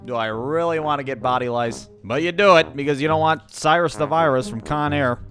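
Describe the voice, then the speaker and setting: A man's voice: fairly high pitch, brisk, fairly bright tone, soft background music. A man narrating a comic childhood story in a profane, exasperated and sarcastic way. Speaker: animated storyteller.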